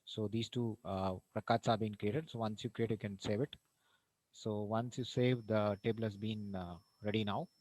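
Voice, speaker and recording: A man's voice: lowish voice, steady tone, moderate pace, a little mellow, no room sound, rough recording. A male college lecturer with an Indian English accent, walking through a programming tutorial in a hesitant way with many fillers. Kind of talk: screen-recorded programming tutorial.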